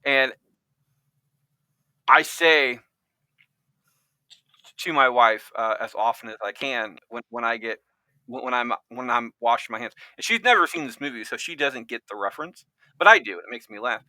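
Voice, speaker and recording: Male podcast host, very bright forward tone, dry close sound, loose rambling delivery with restarts. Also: medium pitch, expressive, moderate pace, pauses often, dry recording. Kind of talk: casual chat.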